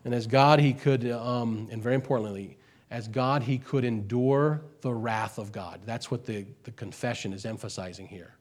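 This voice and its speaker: A man preaching a sermon, swinging between quiet and loud and slowing on key words, repeating phrases for emphasis. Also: mid-range voice. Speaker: pastor.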